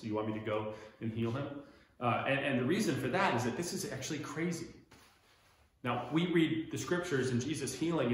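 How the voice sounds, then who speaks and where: A man with an American accent leading a casual Bible study lesson in a church room, explaining as he points along a map, with frequent restarts. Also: medium pitch. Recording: very echoey room.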